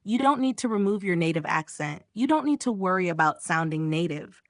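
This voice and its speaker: A woman narrating a scripted English pronunciation lesson in measured, emphatic short phrases. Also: on the low side, lively intonation, no room sound, clean studio sound.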